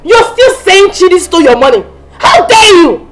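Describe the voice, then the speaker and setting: A woman's voice: extremely high pitch, big pitch swings, moderate pace. A woman scolds someone indignantly in a film scene. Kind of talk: film drama acting. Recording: film audio with heavy score.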